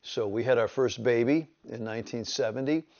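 With a medium-pitched voice and a fairly quick pace, this upstate New York man in his seventies, a pastor, narrates his own testimony. His storytelling is lively and full of quoted voices, though the recording sounds dull.

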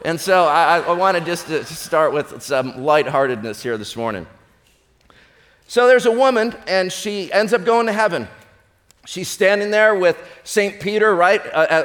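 High-voiced male pastor in an echoing hall. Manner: storytelling with a joke, animated voices for characters. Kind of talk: sermon.

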